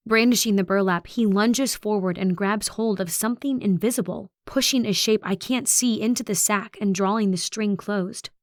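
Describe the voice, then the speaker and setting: A woman reading a first-person horror audiobook in a tense, expressive storytelling manner. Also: medium pitch, dry recording, studio quality. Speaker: audiobook narrator.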